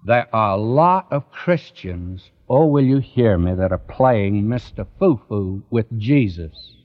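A man's voice: fairly low pitch, animated, takes it slowly. A man preaching a sermon in an earnest way, often turning to the listeners with direct questions. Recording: dull lo-fi recording.

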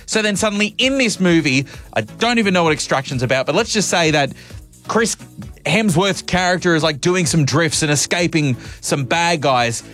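A man's voice: fairly high pitch, animated, moderate pace, a bit bright, soft background music. A male radio host chatting playfully to drive-time listeners. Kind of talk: casual radio chat.

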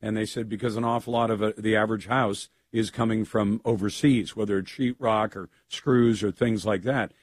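A man hosting a talk radio show, with a gravelly voice and a conversational, rambling manner. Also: on the low side, steady tone, normal speed, few pauses, dry recording.

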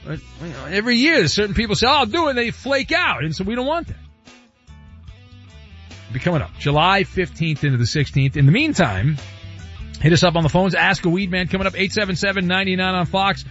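Radio host guy, high-ish voice, joking around, music faint behind. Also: expressive, fairly bright tone, muffled recording. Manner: brisk and wisecracking. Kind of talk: talk radio hosting.

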